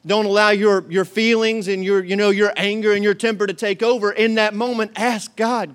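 High-voiced, animated male preacher. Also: moderate pace, few pauses, clean tone. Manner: animated storytelling, acts out voices, laughs often. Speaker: pastor. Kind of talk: sermon.

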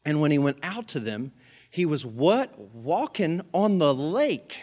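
Male pastor, sermon, high voice, joking storyteller. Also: unhurried. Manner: humorous, animated storytelling.

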